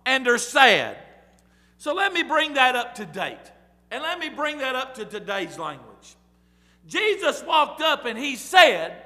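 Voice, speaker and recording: A man preaching a sermon, reading scripture and now and then raising his voice to loud emphasis. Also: very high-pitched. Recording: long reverb of a large hall.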